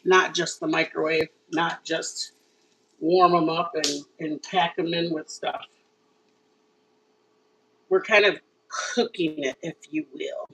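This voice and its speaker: A woman chats her way through a live home cooking stream, talking straight to her viewers. Her voice is bright and animated. She sits back from the mic, with a faint hum from the kitchen behind her. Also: fairly low pitch, slow, pauses often, distant mic, poor audio. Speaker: cooking channel host. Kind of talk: casual live cooking chat.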